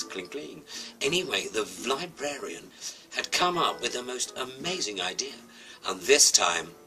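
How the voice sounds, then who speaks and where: A man telling an absurd comic story playfully, swinging between hushed asides and loud exclamations. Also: mid-range voice, poor audio.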